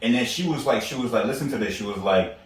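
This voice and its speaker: A man's voice: medium pitch, heavy reverb, far from the mic, poor audio. A man co-hosting a podcast, rambling in casual chat and filling his talk with "like". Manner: rapid, rambling, lots of likes. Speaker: podcast co-host.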